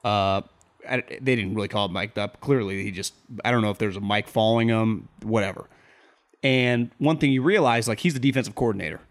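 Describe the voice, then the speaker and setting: A man's voice: lowish voice, a little fast. A man co-hosting a sports podcast, rambling in casual chat and jumping his voice up to quote people. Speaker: podcast co-host.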